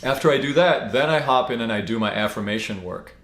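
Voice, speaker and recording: A man giving a casual spoken teaching, relaxed and rambling, with many fillers and restarts. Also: mid-range voice, fairly quick. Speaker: spiritual teacher. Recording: echoey room.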